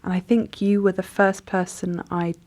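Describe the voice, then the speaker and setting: Low-voiced, reflective woman author. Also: little pitch movement, normal speed, a little mellow. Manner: thoughtful, reflective, with frequent hesitations. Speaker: author and journalist guest. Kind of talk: conversational interview.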